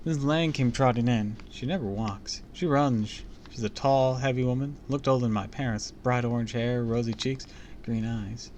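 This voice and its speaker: Reading a book aloud on a live stream, a man breaks off between passages for chatty comments and jokes. His voice is medium-pitched and a little mellow, his pace moderate, with slight background noise.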